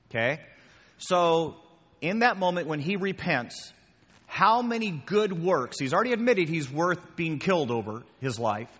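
Male preacher, mid-pitch, chatty delivery; dull recording in a reverberant hall. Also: lively intonation, a little fast, a bit bright. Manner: conversational, repeats key phrases, addresses listeners as guys. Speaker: pastor. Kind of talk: sermon with audience questions. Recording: muffled sound with long hall reverb.

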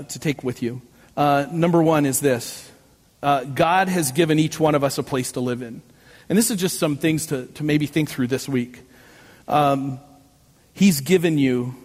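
A man preaching a sermon as pastor, telling personal stories with animated delivery and self-mocking jokes. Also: on the high side. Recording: long reverb of a large hall.

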